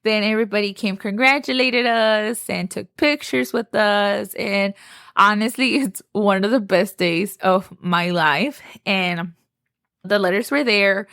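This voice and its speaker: A woman's voice: medium pitch, unhurried, a bit bright, clean tone, dry recording, clean studio sound. Chatty young woman, lilt. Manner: chatty, gushing, says "like" often. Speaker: podcast host. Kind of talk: casual storytelling.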